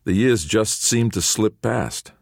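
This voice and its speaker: A bull-necked, middle-aged father, played by a male reader, gruff and stern, with a low voice that rises and falls a great deal. The sound is close and dry. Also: animated, takes it slowly, darkish tone, no room sound, heavily acted. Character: gruff, thick-set middle-aged father, ship captain.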